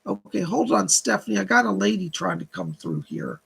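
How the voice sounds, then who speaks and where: A man's voice: high voice, huge pitch swings, a little fast, creaky, fairly bright tone, breathy edge. A man hosting a live psychic reading stream, reading viewer donations and relaying spirit messages in long chains of "she said". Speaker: psychic medium host.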